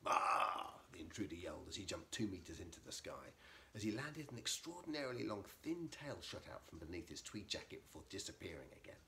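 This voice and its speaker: A man with a low voice reads a children's storybook aloud, lively and expressive. His pitch rises and falls widely as he narrates. A faint hiss of the room sits behind him. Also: fast talker, gravelly. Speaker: narrator, author. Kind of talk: storybook reading.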